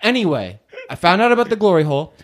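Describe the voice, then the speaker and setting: Co-host, male, lively enthusiastic storyteller, slightly higher voice, lots of swing in pitch. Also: quick pace, noisy background. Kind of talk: casual storytelling chat.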